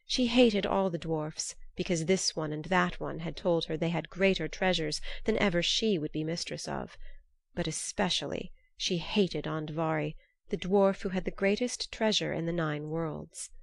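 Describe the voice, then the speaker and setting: A woman reads an old myth aloud in a measured, unhurried way. Her voice sits fairly low, and the sound is dry and close with no room around it. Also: vocal fry, no room sound. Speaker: narrator. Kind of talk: storybook narration.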